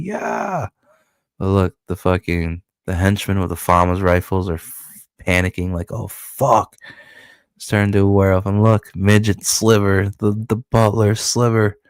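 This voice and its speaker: Deep-voiced man swearing through a comic. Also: no echo, studio quality. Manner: profane, animated storytelling. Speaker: comic book creator. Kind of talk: casual comic-book walkthrough.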